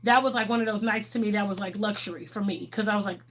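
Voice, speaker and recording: A woman's voice: medium pitch, fairly even intonation, fast. A middle-aged woman, chatting candidly on a livestream and answering viewers' questions, laughing often. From Texas, USA. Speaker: livestream host.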